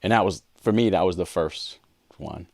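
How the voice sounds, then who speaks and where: Man on a podcast telling his story, earnest, low-ish voice, dry sound. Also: moderate pace, darkish tone, no echo. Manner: earnest, reenacts past dialogue. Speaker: podcast co-host. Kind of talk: candid conversational storytelling.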